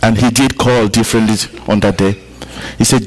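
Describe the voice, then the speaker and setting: Faint music plays behind an African pastor preaching at a church service, where he repeats key points and chats with the congregation. His voice is fairly low and steady at a moderate pace, and the audio is poor.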